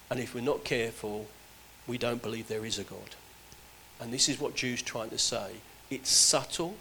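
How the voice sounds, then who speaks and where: A man's voice: medium pitch, a bit bright, slight background noise, rough recording. Earnest man preaching a sermon. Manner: earnest, exhorting, with emphatic swings in volume.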